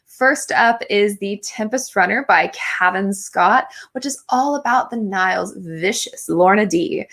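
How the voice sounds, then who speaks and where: A woman's voice: medium pitch, a bit bright. A young adult woman hosting a podcast, chatting casually and enthusiastically in a review, with lots of filler words. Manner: gushing, enthusiastic, many fillers. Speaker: podcast host.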